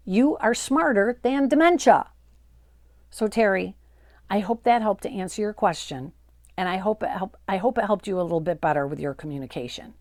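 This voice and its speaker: A woman's voice: mid-range voice, a little mellow, dry recording, studio quality. A woman working as a dementia care coach, giving advice straight to her viewers in an emphatic, coaxing way and repeating phrases for stress. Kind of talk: direct-to-camera advice talk.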